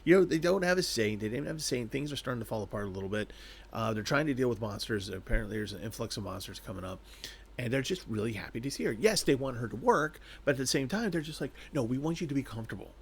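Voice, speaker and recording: A man casually reviewing an anime, talking in an animated, rambling way and chuckling between thoughts. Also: mid-range voice, fast talker, creaky, slight background noise.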